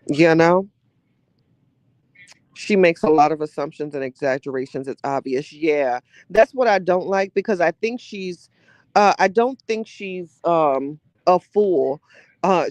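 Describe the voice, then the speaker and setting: Woman podcast host, animated casual commentary, dry close recording. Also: sits low, no echo. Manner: chatty, animated, exclamatory with laughter.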